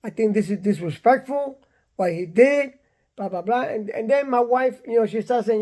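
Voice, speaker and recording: An older man from Puerto Rico telling a personal story in a blunt, animated way, repeating himself and acting out what people said. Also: extremely high pitch, moderate pace.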